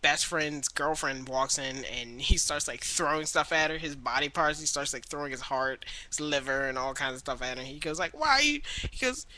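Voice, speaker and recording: A young man ranting casually to his webcam about movies he has watched, rambling and restarting often, sometimes mimicking people in a high voice. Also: steady tone, normal speed, few pauses, bright, forceful tone, rough recording. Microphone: webcam mic.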